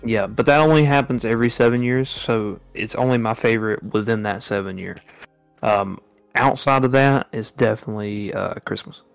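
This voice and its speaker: Gravelly easygoing man. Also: lowish voice, moderate pace, no room sound, faint music behind. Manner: joking, easygoing. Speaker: co-host. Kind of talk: casual group chat.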